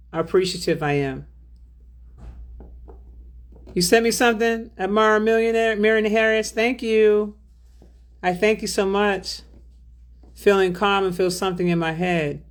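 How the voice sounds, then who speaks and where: Woman, livestream host, spiritual healer; relaxed drawl, affectionate, reads chat aloud. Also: medium pitch. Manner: drawling, affectionate, calls viewers baby and beloved. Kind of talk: livestream chat, reading out viewer donations.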